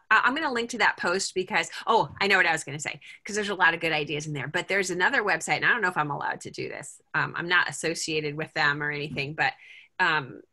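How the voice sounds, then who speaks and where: Middle-aged woman, parent group leader, chatty and rambling, bright forceful tone, slightly low pitch, video call. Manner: chatty, thinks aloud with many fillers and restarts. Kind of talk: casual talk to parents.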